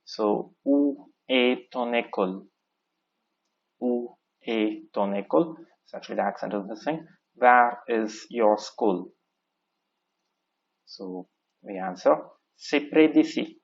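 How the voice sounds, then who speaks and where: A man's voice: medium pitch, takes it slowly, vocal fry, long pauses. A man teaching a French lesson in English, explaining step by step and repeating each phrase with plenty of "okay" and "so". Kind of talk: recorded classroom lesson. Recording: dull lo-fi recording.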